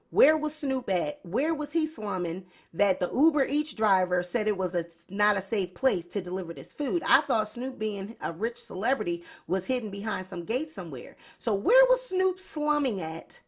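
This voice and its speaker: A woman's voice: mid-range voice, expressive, normal speed, few pauses, husky. A woman hosting a celebrity gossip show, talking casually and sassily straight to her viewers. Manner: sassy, talks straight to viewers. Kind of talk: casual commentary.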